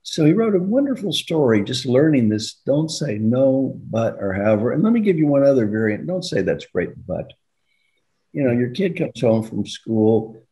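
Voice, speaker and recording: An older man, an executive coach, telling stories in an animated way and acting out dialogue with laughs. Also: mid-range voice, moderate pace, few pauses. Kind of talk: storytelling leadership talk.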